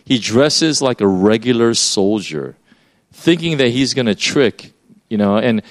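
A man preaching a sermon in a loose, conversational way, explaining as he goes with many fillers and restarts. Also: fairly low pitch.

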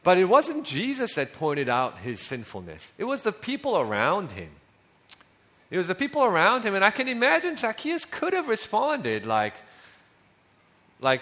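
A man preaching a sermon in a conversational way, often dropping soft on key lines. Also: sits high, wildly swooping pitch, normal speed. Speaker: pastor.

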